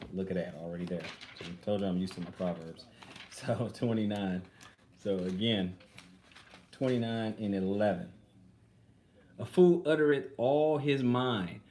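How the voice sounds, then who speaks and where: A man with a lowish, slightly mellow voice gives an informal Bible teaching to other men. He talks conversationally, repeats himself, and demonstrates with a prop. The recording has an echoey room with faint ambience.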